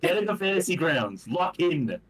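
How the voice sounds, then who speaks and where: A man's voice: fairly high pitch, big pitch swings, normal speed, husky, rough recording. Swearing man ranting in mock anger. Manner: profane, mock-angry ranting. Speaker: tabletop game player. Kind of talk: casual gaming banter on a voice call.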